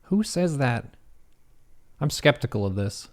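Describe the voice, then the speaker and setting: A young man from the United States chats his way through an online quiz on a live stream. His pitch sits at an everyday middle level, and his delivery is loose and conversational. He reads each question aloud, jokes and throws in the odd swear word. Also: very animated, unhurried.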